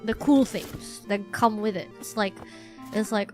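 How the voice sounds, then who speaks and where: A woman's voice: mid-range voice, unhurried. Female streamer, casual chat, self-deprecating ramble, faint music bed. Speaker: VTuber streamer.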